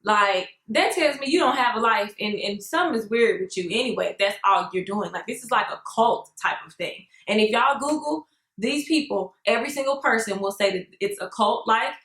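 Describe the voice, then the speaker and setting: A young woman telling a story on her vlog in a sassy, animated way, often calling her viewers "girl". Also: on the high side, moderate pace, echoey room, rough recording. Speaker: vlogger.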